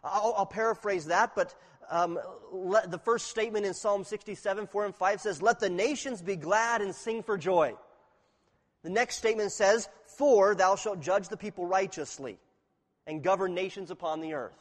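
A man's voice: high voice, normal speed. A man preaching an expository sermon, teaching earnestly and reading scripture aloud with emphasis. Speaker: pastor. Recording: reverberant hall.

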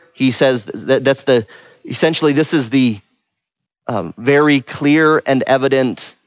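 A middle-aged pastor with a medium-pitched voice gives an interactive sermon in a conversational style, often pausing to ask the room questions and adding "right?". The recording is dull and lo-fi, with no echo.

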